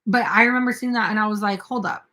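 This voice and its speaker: A woman's voice: mid-range voice, fast talker, sharp tone. A young woman in casual chat as the host of a crochet livestream, reading viewer comments aloud and answering them.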